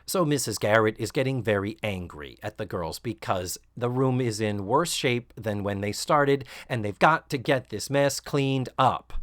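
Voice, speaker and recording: A man hosting a podcast, recapping a sitcom episode casually and sarcastically, acting out quoted lines in higher voices. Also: unhurried, hardly any pauses, no room sound, clean studio sound. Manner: animated, sarcastic, acts out quotes with rising shrieks. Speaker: podcast host.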